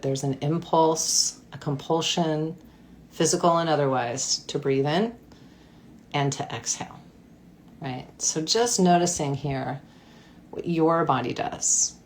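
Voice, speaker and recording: A woman coach guiding a breathwork practice in a gentle, playful way. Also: sits low, a little hiss or hum. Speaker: mindfulness coach. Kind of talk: guided breathwork instruction.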